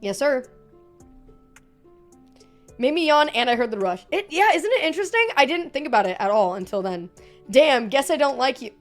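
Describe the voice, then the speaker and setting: A young woman talks casually to her stream audience from her room at home, giggling and joking as she answers chat. Her voice sits a little high. Soft music plays faintly in the background. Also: very animated, normal speed, pauses often. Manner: chatty, giggly, reads chat aloud and jokes.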